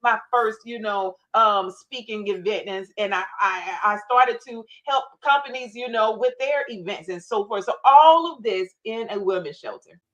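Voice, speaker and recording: A woman speaking as a guest on a faith talk show, telling her story with emphatic, animated retellings. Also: on the high side, normal speed, hardly any pauses, muffled recording. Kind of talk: faith-based interview storytelling.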